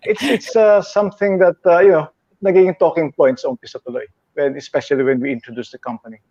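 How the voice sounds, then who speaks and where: A man's voice: fairly high pitch, fairly even intonation, fast talker, a little mellow, no room sound. Filipino guy talking business, earnest, laughs easy, kinda muffled dry audio. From Philippines. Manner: earnest, explains at length with fillers and laughs easily. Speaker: company president and CEO, interview guest. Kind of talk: business interview, switching between English and Tagalog.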